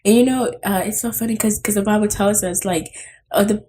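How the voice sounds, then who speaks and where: A woman's voice: medium pitch, steady tone, a little fast, warm tone, slight background noise. A woman, a behavioral therapist guest on a podcast, talking in an emphatic, preachy way full of "you know". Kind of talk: casual conversation.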